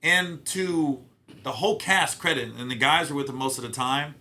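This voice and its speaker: Give me a bright, punchy middle-aged man spinning loose, profane show-business stories as a podcast guest. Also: mid-range voice, normal speed. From Ohio. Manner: animated, profane, acts out quotes. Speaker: guest comedian. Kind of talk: casual storytelling interview.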